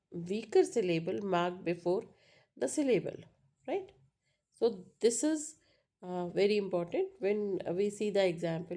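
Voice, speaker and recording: Slow, gravelly-voiced woman teacher. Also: mid-range voice, warm tone. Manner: patient, repeats points with frequent "right?" and "uh". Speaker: English teacher. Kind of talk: slow classroom-style explanation.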